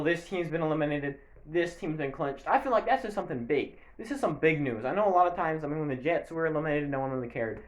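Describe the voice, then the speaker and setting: A man giving a casual, rambling sports recap to camera, breaking into bursts of mock play-by-play hype. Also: a little high. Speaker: sports video creator. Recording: echoey room.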